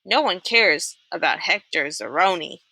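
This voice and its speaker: A woman voicing a dismissive, contemptuous male camp counselor in a read-aloud, with a bright voice. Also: fairly low pitch, unhurried, no room sound, exaggerated voice, low-quality recording. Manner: flat, contemptuous remarks.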